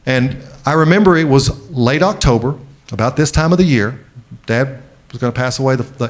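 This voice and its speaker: Man, middle-aged, keynote speaker, personal storytelling, slows and softens for emotional moments, ordinary pitch. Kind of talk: conference keynote speech. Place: large conference venue.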